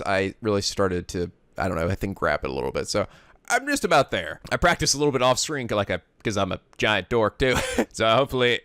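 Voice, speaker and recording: Goofy let's play guy, bright lively voice, dry close mic. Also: mid-range voice, clean tone, dry recording. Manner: goofy, excitable, swears. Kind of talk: game commentary.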